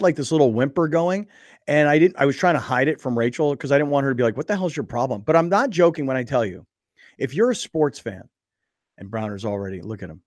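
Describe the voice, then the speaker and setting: A man's voice: mid-range voice, dry recording. A man hosting a casual sports talk radio show in a studio, chatty and self-deprecating, telling stories with emphasis. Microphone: studio microphone.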